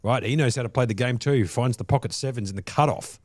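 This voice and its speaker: A man's voice: medium pitch, fast, darkish tone, no echo. Man calling poker hands. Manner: giggly, laughing through lines. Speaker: poker commentator. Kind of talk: live poker commentary.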